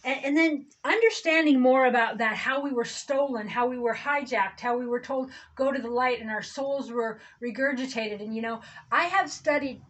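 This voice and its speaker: A woman with a high voice talks through a loose spiritual monologue. Her tone runs sarcastic, and she wanders off on tangents, stopping and restarting her thoughts as she goes. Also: moderate pace, few pauses, fairly bright tone, rough recording. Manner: sarcastic, digressive, self-interrupting. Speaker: reverend, online host.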